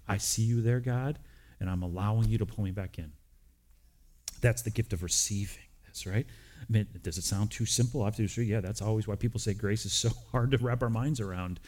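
A man's voice: lowish voice, a little mellow. A man preaching as pastor, speaking earnestly and directly, often repeating phrases, then leading a communion prayer. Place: church sanctuary with congregation.

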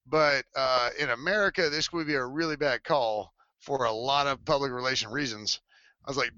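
Forty-something man, bright, lively storyteller, dull dry headset sound. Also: mid-range voice, normal speed, dry recording. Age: 40s. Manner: animated, laughing, acts out quotes in shifting voices. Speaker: former cheerleader telling a story. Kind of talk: casual storytelling chat. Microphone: headset mic.

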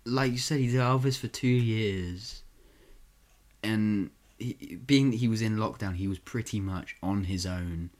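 A man's voice: on the low side, unhurried, darkish tone. A man co-hosting a podcast in casual chat, joking and opinionated. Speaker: podcast co-host.

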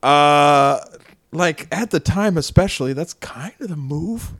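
A man's voice: a little high, expressive, measured pace, a bit bright, no room sound, clean studio sound. A man co-hosting a podcast, joking around and laughing often in casual chat. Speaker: podcast co-host.

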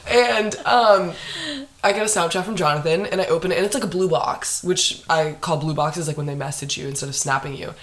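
A young woman hosting a podcast, telling an animated story with lots of laughter, frequent "like" and casual swearing. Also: low-pitched, quick pace, few pauses. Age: young adult. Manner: animated, laughing, heavy use of "like", swears freely. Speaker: podcast host. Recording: echoey room.

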